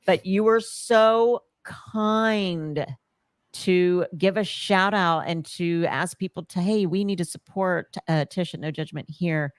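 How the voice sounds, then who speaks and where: A woman hosting a podcast, speaking gently and haltingly to her guest. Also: lowish voice, clean tone, no room sound, clean studio sound. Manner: gentle, halting, with many restarts. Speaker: podcast host. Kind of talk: supportive interview talk.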